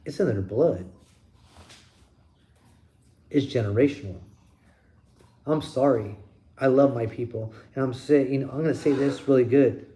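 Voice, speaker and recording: A man's voice: mid-range voice, measured pace, pauses often, warm tone. A man hosting his own channel, delivering a blunt, profane opinion rant with plenty of emphasis. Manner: blunt, emphatic, heavy swearing. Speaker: channel host.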